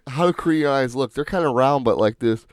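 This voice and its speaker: A man's voice: medium pitch, brisk, slight background noise. A man co-hosting a casual podcast who cuts in with teasing jokes and quips. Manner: wisecracking, teasing interjections. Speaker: podcast co-host.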